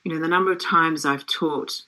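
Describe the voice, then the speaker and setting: A middle-aged woman, a yoga teacher, chatting as a guest in an interview and telling stories with lively laughter. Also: low voice, fairly quick, poor audio. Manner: animated, laughing storyteller. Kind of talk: casual interview chat.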